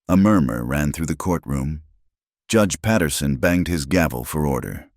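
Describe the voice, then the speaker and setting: Very deep dramatic male narrator. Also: expressive, normal speed, darkish tone, dry recording, studio quality. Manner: dramatic storytelling. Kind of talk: scripted narration.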